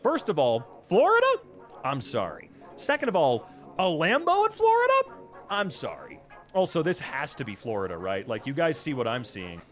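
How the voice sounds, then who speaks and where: Lively, sarcastic, swearing male streamer. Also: fairly high pitch, moderate pace, soft background music. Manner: animated, swearing, sarcastic asides. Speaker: reaction streamer. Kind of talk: casual reaction commentary.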